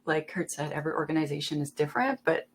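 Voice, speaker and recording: A woman on a panel, chatting casually and telling animated stories in which she acts out the dialogue. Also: sits low, fast talker, a little hiss or hum.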